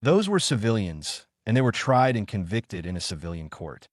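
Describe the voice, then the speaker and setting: A man voicing a measured, reluctant middle-aged male interrogator. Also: fairly low pitch, very animated, no room sound, studio quality.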